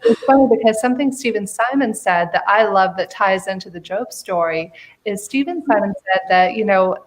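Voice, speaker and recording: A woman's voice: mid-range voice, rough recording. A woman who is a radio show guest, telling a story with theatrical expression.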